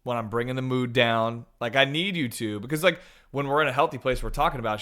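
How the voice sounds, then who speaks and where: A man chatting as a podcast guest, telling a personal story in a relaxed way. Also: mid-range voice, fast talker, hardly any pauses. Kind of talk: casual podcast chat.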